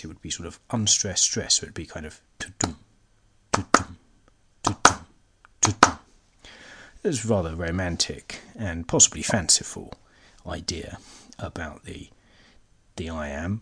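Deep, husky and a bit bright, this man's voice carries his solo educational podcast, recorded on a laptop. He hesitates a lot, restarting and using many fillers, and at times he sinks nearly to a whisper.

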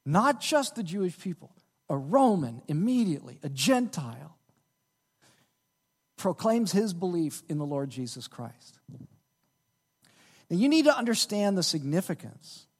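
A male pastor preaching with a high, lively voice that rises and falls freely. He drives his points home with emphasis and keeps checking in with the congregation. The sound carries a long reverb from a big church hall. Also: measured pace, pauses often, husky. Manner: emphatic preaching with frequent "okay?" check-ins. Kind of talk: sermon.

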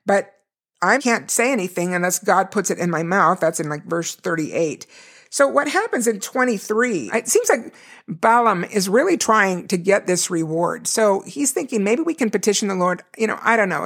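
Relaxed woman teaching a scripture lesson. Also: mid-range voice. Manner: relaxed and explanatory, reads verses aloud, with frequent asides.

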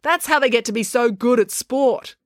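A woman's voice: fairly high pitch, moderate pace, dry recording, studio quality, pitched above the performer's own voice, close to an everyday voice. A woman voicing a brash, outspoken young girl who answers with sarcasm in an audiobook. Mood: indignant. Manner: sarcastic, indignant. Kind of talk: audiobook character voice.

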